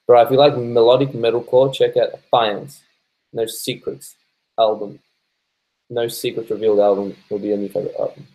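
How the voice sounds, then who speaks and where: Reading out his viewers' chat, a stoned Australian live-stream host laughs and curses without restraint. He speaks loosely and without hurry in a slightly low, dark-toned voice, captured in poor audio.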